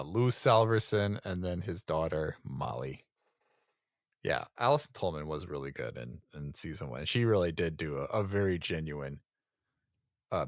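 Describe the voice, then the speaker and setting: A man's voice: extremely low pitch, no echo, studio quality. A man co-hosting a podcast in casual chat, laid-back and rambling, often chuckling. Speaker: podcast co-host.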